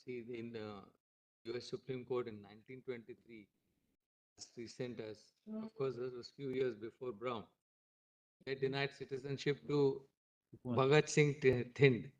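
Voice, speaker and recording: Judge chiming in, middle pitch, far off mic, kinda muffled. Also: male voice, steady tone, moderate pace, long pauses, darkish tone. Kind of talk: remarks from the bench. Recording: dull distant courtroom mic.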